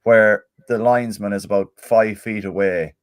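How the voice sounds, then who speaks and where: A man's voice: fairly low pitch, fairly even intonation, normal speed, no echo. Chatty man, dry close sound. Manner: chatty, reads out listener messages. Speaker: podcast co-host. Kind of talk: casual football podcast chat.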